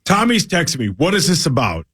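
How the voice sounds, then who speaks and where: Male co-host, hyper and reactive; very animated pitch. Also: slightly rough. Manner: excitable, quick reactions and laughter. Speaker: radio show co-host. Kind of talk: casual sports radio banter.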